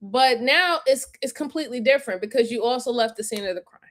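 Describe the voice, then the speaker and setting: A woman's voice: fairly high pitch, fast. A woman hosting a crime commentary stream, emphatically lecturing and repeating her points, and laughing along with her chat. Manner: breaks into loud laughter with chat. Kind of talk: live-stream reaction commentary.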